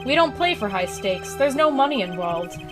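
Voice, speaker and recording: A woman's voice: on the high side, very animated, moderate pace. A woman voicing a wry young male defense attorney with dry narration. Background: game music.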